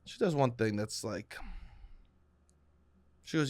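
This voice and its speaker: A man's voice: medium pitch, slow, no room sound. A man, co-hosting a podcast and telling stories in casual chat, protesting playfully when teased. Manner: animated storytelling, protests playfully. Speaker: podcast co-host.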